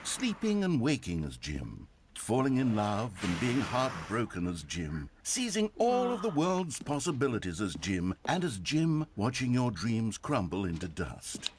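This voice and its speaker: A sardonic game narrator. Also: male voice, lowish voice, huge pitch swings, a little slow, hardly any pauses, noisy background. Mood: wry. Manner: dry, mock-sincere, teasing. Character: wry adult male game narrator, sardonic salesman. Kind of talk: scripted video game narration.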